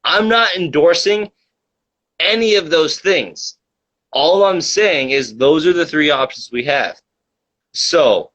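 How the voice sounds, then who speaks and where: A man's voice: on the high side, lively intonation, slow pace, fairly bright tone. A man hosting a comedy livestream talk show in casual chat, reading out viewer comments and joking in a rambling, mock-conspiratorial way. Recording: dull lo-fi mic.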